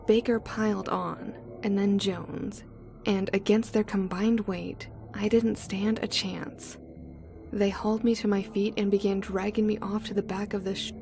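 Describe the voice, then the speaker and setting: A woman narrating a horror story in the first person, slow and deliberate. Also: mid-range voice, fairly even intonation, creaky, darkish tone, faint music behind.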